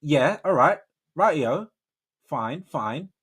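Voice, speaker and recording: A man's voice: on the high side, animated, takes it slowly, husky, pitched above the performer's own voice, heavily acted. A man putting on his overly polite, pronounced work-call voice, as an eager office worker. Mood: chirpy polite. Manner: bright, pronounced and eager to please.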